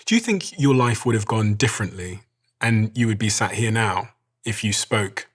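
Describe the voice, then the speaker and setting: A man's voice: fairly low pitch, expressive, moderate pace. A man interviewing a guest, asking questions and giving brief affirmations.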